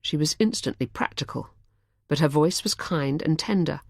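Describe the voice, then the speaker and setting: A woman narrating an audiobook thriller in an expressive, measured storytelling manner. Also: deep voice, dry recording, studio quality.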